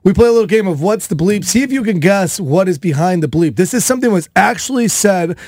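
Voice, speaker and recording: A man hosting a radio show in a studio, telling stories quickly and with animation in casual banter. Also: high-pitched, lively intonation, darkish tone, dry recording.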